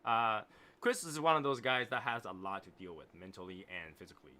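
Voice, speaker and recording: A man with a non-native English accent hosts a casual cigar livestream, reading viewer comments and reflecting in a rambling way, repeating phrases and often asking "right?". His voice is lowish, animated and brisk, with a bright, forceful tone.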